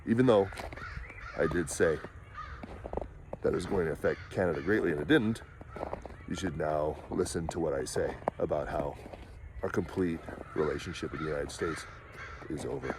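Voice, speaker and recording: A man impersonating a pompous, droning middle-aged male politician who makes slow, solemn, self-important pronouncements while he walks outdoors. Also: rumbling low, noisy background, pitched below the performer's own voice. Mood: smug solemn. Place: outdoors in woods, walking.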